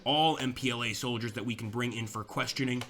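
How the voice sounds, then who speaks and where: Bright-voiced young man narrating a war game. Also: medium pitch, fairly even intonation, brisk. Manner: chatty, thinking aloud with fillers and restarts. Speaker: gameplay commentator. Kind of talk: casual gameplay commentary.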